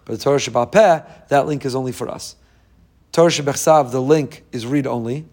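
Joking, animated Jewish religious teacher, a man. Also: medium pitch, fairly quick. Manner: humorous, self-deprecating, conversational. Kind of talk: informal Torah talk.

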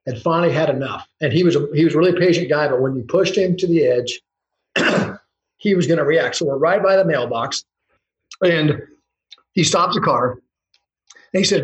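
A man who coaches football chats through a storytelling interview, his lengthy anecdotes broken by restarts and little laughs. His voice runs fairly high. The echoey room and dull audio mark the recording.

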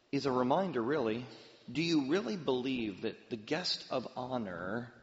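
A man's voice: mid-range voice, highs cut off. Man preaching in a reverberant hall. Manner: storytelling with lively acted-out voices. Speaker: pastor. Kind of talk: sermon.

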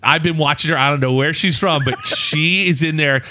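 A man with a bright, fairly high voice chats on a comedy podcast. He is excitable and easily amused, and he laughs as he goes. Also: moderate pace, a little hiss or hum. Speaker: podcast co-host. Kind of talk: casual comedic chat.

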